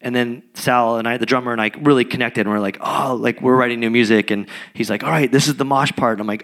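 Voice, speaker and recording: A man, a musician guest, telling stories in a rambling, animated way with many restarts during a live podcast interview. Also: mid-range voice, fast talker, few pauses. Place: recording studio with live audience.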